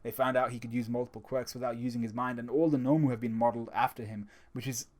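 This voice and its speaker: Male host of a manga review video. Chatty and excitable, restarts a lot. Mid-range voice. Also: medium pitch, fast. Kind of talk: casual manga chapter review.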